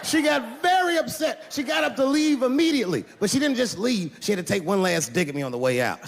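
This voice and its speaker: A man doing stand-up, telling a profane story in an animated way and putting on voices for the people in it. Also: extremely high pitch, fast talker, vocal fry, hardly any pauses, a little hiss or hum. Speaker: stand-up comedian. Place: large theater stage before a live audience. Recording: reverberant hall with loud crowd laughter. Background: audience laughter.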